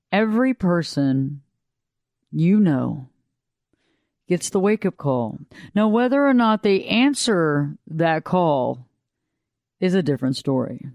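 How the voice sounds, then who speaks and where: A woman with a lower voice than she'd like, giving an unhurried, reflective motivational talk that repeats phrases and asks the listener questions. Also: a little mellow, no echo. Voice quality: lower voice than she wished for. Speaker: motivational speaker.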